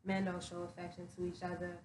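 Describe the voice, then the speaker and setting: A woman's voice: lowish voice, monotone, fast talker, a little mellow. A young woman co-hosting a podcast in casual chat, candid and laughing often, swearing freely. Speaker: podcast co-host. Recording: echoey room, mic at a distance, faint hiss.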